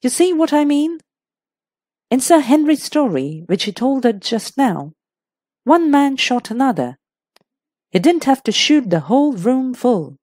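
A woman's voice: high-pitched, very animated, measured pace, a little mellow, no room sound, studio quality, exaggerated voice. A woman voicing a diffident, careful middle-aged male doctor explaining things step by step.

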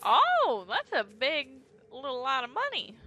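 A woman's voice: medium pitch, moderate pace, a little hiss or hum. A young woman giggling and gasping through casual let's play commentary, chatty and full of "like". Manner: giggly and excitable, gasps and squeals often; chatty, heavy use of "like". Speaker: gaming channel host.

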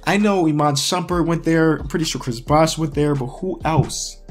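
A sports YouTuber from the Chicago area gives casual, excitable running commentary on a sports quiz, talking to himself and crying out in frustration. His voice is on the high side and moves at a normal speed, with faint music in the background.

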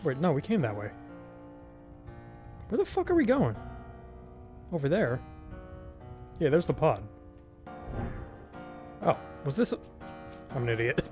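A man's voice: on the high side, wildly swooping pitch, a little slow, long pauses, a little mellow, soft background music. A man casually commentating his own video game playthrough, muttering to himself. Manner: mutters to himself while looking for the way. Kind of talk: casual let's-play commentary.

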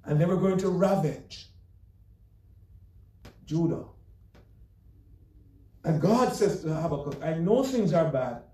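A man delivering an earnest, emphatic sermon as a pastor, now and then chuckling softly between his points. His voice sits high yet sounds mellow and warm. It is heard from some distance in a roomy, echoing church. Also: animated, slow pace, pauses often. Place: church sanctuary. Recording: echoey church room, mic far off.

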